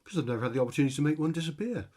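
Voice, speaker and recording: A man's voice: on the high side, animated, racing, warm tone, pitched above the performer's own voice. A man doing a breezy, hapless circus magician. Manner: breezy, unbothered, chatty. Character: hapless, cheerful adult male circus magician.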